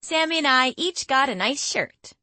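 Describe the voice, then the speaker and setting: A woman voicing an excitable teenage girl who speaks in a sing-song way. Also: sits high, normal speed, dry recording, voice pushed up. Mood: excited.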